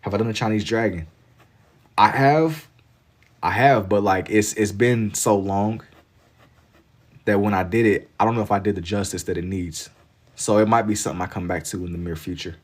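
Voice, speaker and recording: A live-stream artist from Kentucky talks casually as he draws, a laid-back Southern man with a lowish voice. He speaks at a moderate pace with long pauses, rambling and using "like" as filler constantly.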